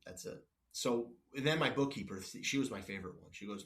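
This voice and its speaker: This executive talks fast with hardly any pauses, his voice on the low side and fairly bright. As a guest in a casual podcast interview, he tells blunt workplace stories, acts out exchanges, frequently restarts and apologizes, and strays off topic.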